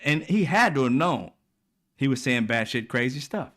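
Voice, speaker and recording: A man's voice: lively intonation, moderate pace. A man hosting a political commentary show, ranting casually in a profane, exasperated, mocking way. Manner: swings from loud and high to low and quiet.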